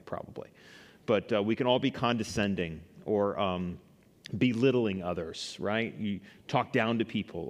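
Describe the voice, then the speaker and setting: Guy leading a bible study, chatty, lots of uh and right?, long hall reverb. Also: fairly low pitch. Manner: conversational, asks the class questions, many fillers. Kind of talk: church class teaching.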